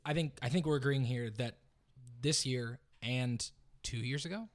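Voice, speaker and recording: Opinionated man in casual podcast chat. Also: medium pitch. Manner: animated, opinionated, quick to joke. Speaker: podcast co-host.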